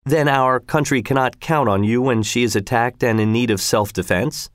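A man's voice: mid-range voice, moderate pace, no echo, clean studio sound, natural voice. A man voicing an earnest, indignant patriot. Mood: recounting. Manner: earnest, self-satisfied recounting.

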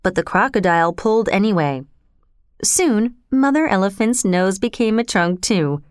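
A woman reading a children's storybook aloud in an expressive, storytelling way. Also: mid-range voice, normal speed, smooth, no echo, clean studio sound. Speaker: narrator.

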